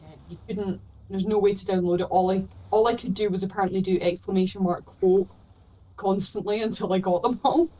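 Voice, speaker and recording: A woman's voice: mid-range voice, steady tone, fairly quick, a little mellow, rough recording. A woman co-hosting a game stream, telling stories in a chatty way and swearing casually. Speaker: co-streamer guest. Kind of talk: casual chat while gaming.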